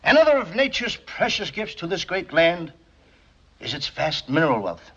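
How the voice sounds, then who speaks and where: A man's voice: on the high side, very animated, normal speed, fairly bright tone, breathy edge, full character voice. An actor playing a flustered, stammering man making a speech, in 1940s film comedy acting on a dull, faintly noisy old film soundtrack. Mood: orating. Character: bumbling nervous American man giving a speech. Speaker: speech-giving pupil.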